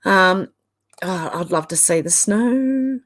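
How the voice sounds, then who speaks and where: Brief: Australian woman, middle-aged live-stream host, slightly low voice, loose chatty delivery with exasperated asides. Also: expressive, slow, a bit bright. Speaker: live-stream host reading chat comments. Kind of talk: casual live chat.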